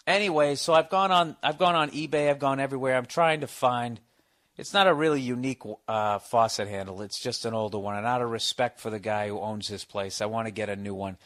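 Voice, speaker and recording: A man's voice: medium pitch, a little fast, a bit bright. A man hosting a podcast, telling a comic story in a profane, exasperated rant. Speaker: podcast host. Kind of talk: comedic storytelling monologue.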